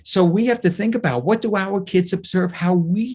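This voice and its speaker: A man with a high-pitched, brisk voice is a clinical psychologist appearing as a guest speaker on a webinar. He's an animated storyteller, filling his talk with anecdotes and acting out quotes.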